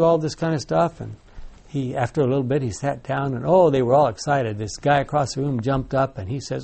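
A man's voice: medium pitch, fairly quick, vocal fry, darkish tone. A man leading a Bible study discussion, asking the group questions and telling stories with many restarts.

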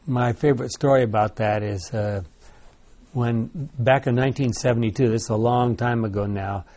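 A man's voice: mid-range voice, steady tone, moderate pace, a little mellow. Guy running a bible study, asks questions, tells stories, lots of restarts. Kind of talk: group discussion leading.

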